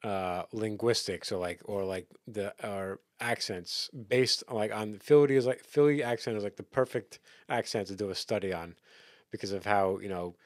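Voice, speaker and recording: A man's voice: fairly low pitch, moderate pace, dry recording, studio quality. A man hosting a casual podcast chat about music, rambling with many fillers and restarts. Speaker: podcast host.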